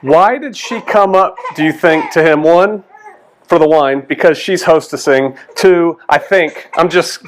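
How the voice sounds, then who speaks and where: A man preaching in a loose, folksy way, his voice sitting a little high for a man. He jumps into little voices for the people he quotes and then drops back to easy talk. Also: unhurried, slight background noise. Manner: folksy, animated, acts out quotes in changing voices. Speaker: pastor. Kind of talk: conversational sermon.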